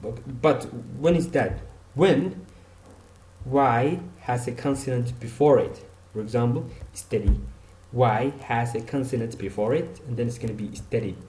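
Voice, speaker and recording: Guy explaining verb rules, mellow voice, keeps repeating words, roomy echo. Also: medium pitch, unhurried. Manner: repeats example words, says okay often. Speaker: English teacher. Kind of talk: online grammar lesson.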